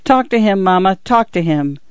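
A woman's voice: mid-range voice, animated, normal speed, clear, resonant tone, no room sound, close to an everyday voice. A woman voicing a worn-out mother who murmurs pleas to her dead mother in a short story reading. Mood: pleading. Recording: dull, dry lo-fi recording.

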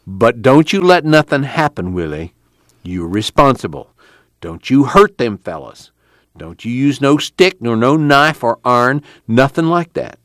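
A man's voice: mid-range voice, very animated, unhurried, fairly bright tone, no room sound, clean studio sound, voice pushed up. A man voicing a stern, worried male camp committee leader who speaks with a drawl and an earnest, anxious way of talking.

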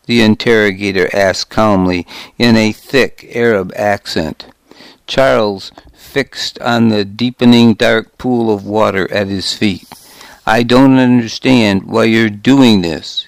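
Slow, low-voiced male audiobook narrator. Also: clean tone, dry recording. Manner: measured, wry first-person storytelling.

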